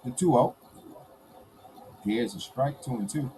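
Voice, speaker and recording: A man's voice: animated, measured pace, warm tone, slight background noise, low-quality recording. Laid-back New York man calling plays. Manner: laid-back, chuckling between pitch calls. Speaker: watch-along host. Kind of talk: casual play-by-play commentary.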